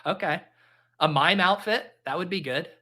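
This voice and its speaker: Animated man hosting a live stream. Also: sits high. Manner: animated, joking, quick exclamations. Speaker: livestream host. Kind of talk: casual live commentary.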